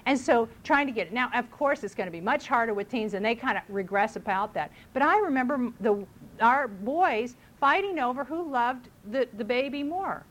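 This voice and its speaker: High-voiced chatty mother giving advice. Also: expressive, moderate pace, a bit bright. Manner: chatty, acts out voices in quotes. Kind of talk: casual advice talk.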